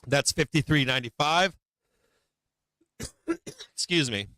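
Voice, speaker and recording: A man hosting a market live stream, talking through his charts with blunt, profane remarks and frequent restarts. His voice is bright and smooth but wearing thin. It is close-miked and dry, with no room sound. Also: on the high side, expressive, slow pace, no room sound. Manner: blunt, swears, many restarts. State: losing his voice.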